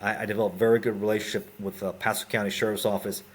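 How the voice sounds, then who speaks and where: A man's voice: fairly low pitch, flat delivery, very fast. A middle-aged man, a former federal agent, telling plainspoken stories in a casual podcast interview.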